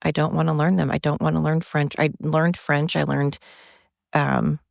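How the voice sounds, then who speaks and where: A tired American podcast host rambles through a casual monologue, cursing freely and drifting from tangent to tangent. The voice has a gravelly texture. The recording is dry and dull, with a muffled lo-fi sound. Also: mid-range voice, flat delivery, normal speed, no echo. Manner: rambling, profane, goes off on tangents. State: tired from overwork.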